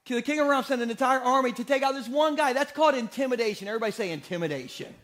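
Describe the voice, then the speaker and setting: High-voiced joking pastor. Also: male voice, rapid-fire. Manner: energetic, joking, asks the congregation questions. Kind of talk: sermon. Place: church sanctuary.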